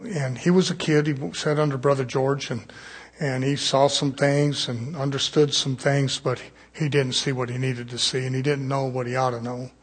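A man preaching a sermon as pastor, swinging from loud fervent build-ups to quiet asides. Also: mid-range voice, flat delivery, normal speed, slightly rough.

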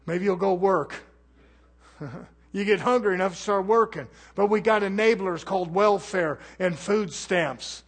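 A man preaching a fiery, scolding sermon, swinging from loud exhortation to low, muttered asides. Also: measured pace.

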